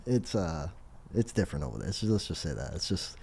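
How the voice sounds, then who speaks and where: A middle-aged man talking casually as a podcast guest, his voice sitting somewhat low. His pitch swings widely and he laughs his way through the story. He sounds relaxed and conversational. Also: fairly quick, vocal fry, breathy edge.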